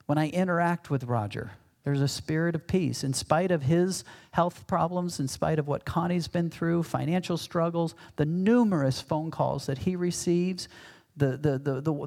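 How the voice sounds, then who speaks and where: Creaky-voiced male pastor preaching casually. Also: a little high. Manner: conversational preaching with self-deprecating humor, animated impressions. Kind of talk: sermon.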